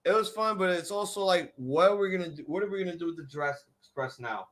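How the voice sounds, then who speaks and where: A man hosting a casual wrestling reaction chat, excitable and profane, often restarting his sentences. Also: high voice, fast. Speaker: podcast host.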